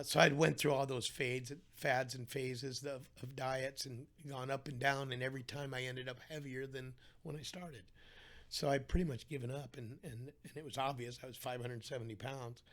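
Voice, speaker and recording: Gravelly man telling his story. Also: medium pitch. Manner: animated, acts out the voices of people in his story. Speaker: podcast guest. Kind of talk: casual storytelling interview.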